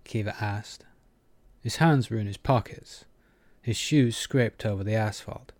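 A man narrating an audiobook in a measured, even manner. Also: on the low side, no room sound.

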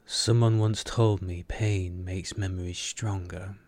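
A man voicing a confident, possessive young man with a velvety, growling baritone that teases and commands. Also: steady tone, slow, darkish tone, no echo. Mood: intense. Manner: teasing, intense, commanding.

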